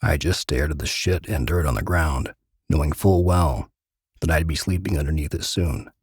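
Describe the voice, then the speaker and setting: A man reading a gritty first-person crime story aloud in measured, dramatic narration. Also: a bass voice, husky, no room sound, studio quality.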